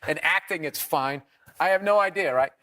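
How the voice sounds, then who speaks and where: A man, a comedian guest in an interview, telling profane, animated stories and acting out quotes. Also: fairly high pitch, moderate pace. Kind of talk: storytelling interview.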